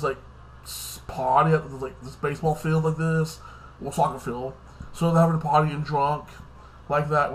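A man talks through a TV episode recap in a loose, rambling vlog style. His voice sits a little higher than most men's. He keeps tacking "like this" onto his lines and swears freely. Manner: rambling, fills with "like this" and "like that"; swears casually. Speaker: TV episode reviewer.

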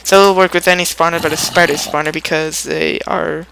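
A man's voice: a little high, flat delivery, fairly quick, creaky, pushed and bright, slight background noise, poor audio. A young man giving a casual, rambling gameplay tutorial, playful and chatty, humming little sound effects as he builds.

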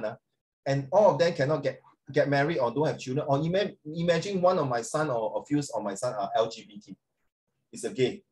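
Rambling middle-aged teacher. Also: male voice, mid-range voice. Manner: rambling and chatty, switches between English and Mandarin, calls on students by name. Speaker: secondary school English teacher. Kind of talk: classroom lecture, talking off the cuff.

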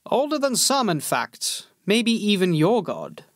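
A man voicing a cool, deliberate noble lord. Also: high-pitched, very animated, dry recording, studio quality, pitched above the performer's own voice, heavily acted. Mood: measured. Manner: slow, deliberate and thoughtful.

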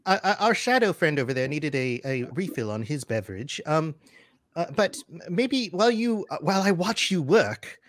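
A man's voice: fairly high pitch, sing-song, normal speed. A man playing a tabletop game in a playful, cheeky way. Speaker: player. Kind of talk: casual role-play.

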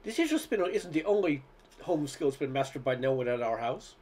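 Man reading a humorous essay, slightly high voice. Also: sing-song, a little fast, a little mellow. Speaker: reader.

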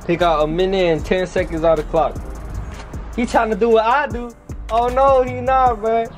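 Boastful young man with a high voice. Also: a little fast. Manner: boastful, slangy, laughing. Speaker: contestant. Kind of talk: casual banter among friends. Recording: music playing underneath.

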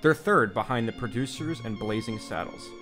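A man's voice: mid-range voice, huge pitch swings, normal speed. A man narrating a scripted video essay in an earnest, opinionated way. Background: background music.

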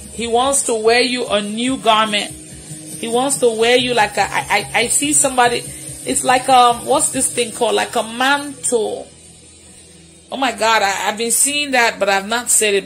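A woman's voice: on the high side, fairly even intonation, moderate pace, a bit bright, faint music behind. A woman leading a live deliverance prayer, repeating commanding declarations fervently and laughing between them. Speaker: prayer minister.

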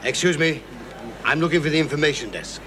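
A man's voice: fairly high pitch, expressive, a little fast, heavy background noise, close to an everyday voice. An actor playing a brash, boastful middle-aged Englishman in a sitcom. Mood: blustering. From England. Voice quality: blustering and boastful. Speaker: sitcom character, a boisterous English visitor. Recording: 1970s TV sitcom with audience laughter.

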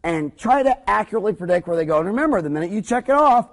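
Joking rambling guy lecturing dentists, high voice bouncing all over. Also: fast. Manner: animated, joking, rambling storyteller. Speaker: dental practice lecturer.

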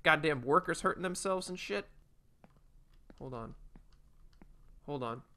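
A man giving casual, animated gameplay commentary from his home, jumpy and swearing freely. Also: on the high side, unhurried. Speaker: let's play host. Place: home room with a cat nearby.

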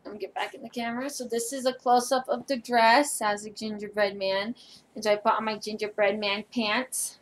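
A woman's voice: fairly high pitch, normal speed, slight background noise. A young adult woman chatting casually in a try-on vlog, tired and a little rambling as she shows off her clothes. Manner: relaxed, rambling, thinking aloud. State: tired, yawning. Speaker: vlogger.

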